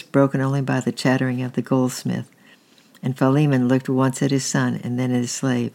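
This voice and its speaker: A storyteller reading a historical tale aloud at an unhurried, steady pace, with a few slips. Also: mid-range voice, vocal fry.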